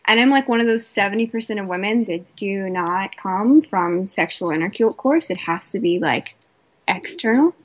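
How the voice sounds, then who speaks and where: A woman's voice: medium pitch, expressive, normal speed, rough recording. A woman co-hosting a casual chat over a call, telling blunt, profane stories. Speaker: co-host.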